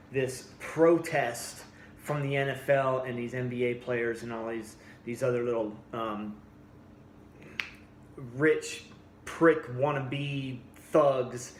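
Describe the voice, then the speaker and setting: A man's voice: mid-range voice, steady tone, a little slow, a little hiss or hum. A man in his forties giving a blunt, heated opinion rant for his fitness vlog, often restarting and repeating himself. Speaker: fitness vlogger. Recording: echoey room with faint ambience.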